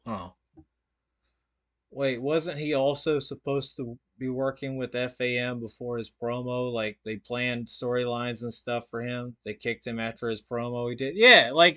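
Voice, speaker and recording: A man's voice: medium pitch, pushed and bright. A man co-hosting a live stream, reacting with sarcastic, profane mockery in a casual chat. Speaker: stream co-host.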